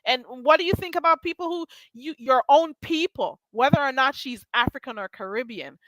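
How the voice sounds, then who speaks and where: A woman's voice: high-pitched, normal speed, a bit bright, dry recording. A woman hosting a casual commentary show, talking in a blunt, emphatic and profane way.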